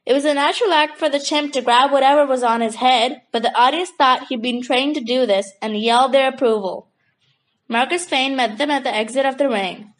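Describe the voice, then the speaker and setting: Steady children's audiobook narrator, woman, bright high register. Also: brisk, poor audio. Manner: steady storytelling. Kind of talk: scripted children's book narration.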